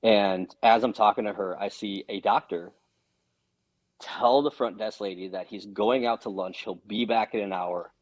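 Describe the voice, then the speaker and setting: Guy on a podcast telling his story, low voice, earnest and fired up, swears a bit. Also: fairly even intonation, normal speed, low-quality recording. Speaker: podcast guest. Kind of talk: casual storytelling.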